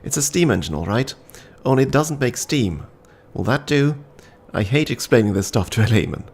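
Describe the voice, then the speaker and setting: A man reading out a gruff, grumbling woman mechanic in a story game, with brusque, impatient retorts. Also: mid-range voice, big pitch swings, moderate pace, darkish tone.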